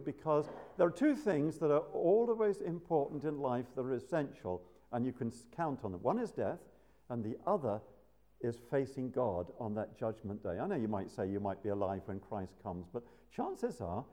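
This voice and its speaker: A man's voice: medium pitch, dark tone. An older man preaching a sermon, asking rhetorical questions.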